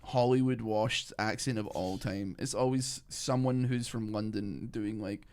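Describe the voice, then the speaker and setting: Rambling gaming streamer. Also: male voice, lowish voice, steady tone, a little slow, darkish tone, clean tone. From Scotland. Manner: rambling, lots of fillers and laughs. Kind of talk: casual gameplay commentary.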